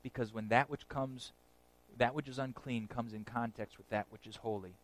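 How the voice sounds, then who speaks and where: A man preaching a sermon, emphatic, repeating phrases for weight and dropping to a hush on key words. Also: mid-range voice, fairly even intonation, moderate pace.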